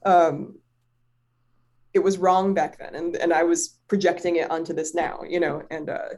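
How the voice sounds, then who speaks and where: A woman's voice: fairly low pitch, fairly even intonation, moderate pace, darkish tone. A woman chatting casually, telling a personal story in a rambling way, full of fillers and swearing, often laughing. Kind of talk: casual chat.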